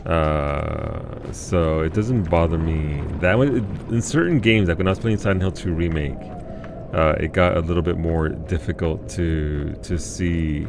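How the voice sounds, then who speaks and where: A man with a deep, low-pitched voice chats easily with his stream while he plays, answering viewers between moves. He speaks into a desk mic at his gaming setup, with a faint hiss behind him. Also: a little slow, creaky. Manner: chatty, reads and answers chat aloud. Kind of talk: casual live-stream chat while gaming.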